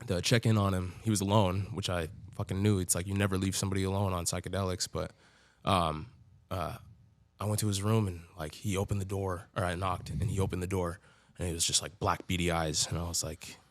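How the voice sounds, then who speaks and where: A man's voice: low voice, steady tone, fairly quick, no echo. A man telling his own story as a podcast guest in a loose, profane way, full of filler words. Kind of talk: casual storytelling.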